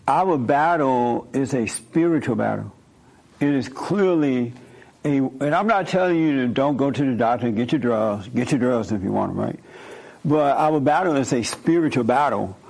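A preacher delivers an informal, conversational sermon, repeating his points and often checking in with "right?" His voice is mid-range and a little mellow.

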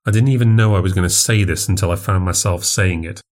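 A man's voice: low-pitched, quick pace, a little mellow. A man narrating a first-person horror story for a podcast, in a confessional, plainspoken way.

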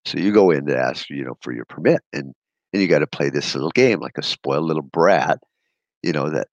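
Man, very deep voice, gravelly, blunt profane rant, sarcastic, dry close recording. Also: a little fast, no echo, dull audio. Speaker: podcast host. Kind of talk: solo podcast rant.

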